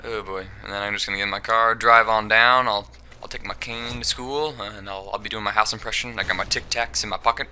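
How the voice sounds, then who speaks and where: A man's voice: on the low side, fairly even intonation, brisk, pushed and bright, slight background noise. A young man giving casual, rambling gameplay commentary, joking and giggling as he goes. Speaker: gaming commentator.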